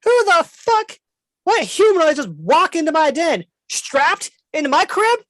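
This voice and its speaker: A man's voice: very high voice, very animated, unhurried, fairly bright tone, voice pushed up, heavily acted. A man voicing a crude, aggressive, horse-sized male dragon who swears and talks street slang in a tabletop game. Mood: hostile. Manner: snarling, swearing, hostile.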